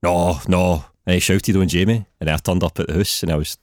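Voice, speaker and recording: A man in his thirties with a Glaswegian accent and a very deep voice, chatting casually as a podcast guest and laughing easily. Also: fairly even intonation, a little fast, no echo, clean studio sound. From Scotland. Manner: laid-back, laughs easily. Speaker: guest writer.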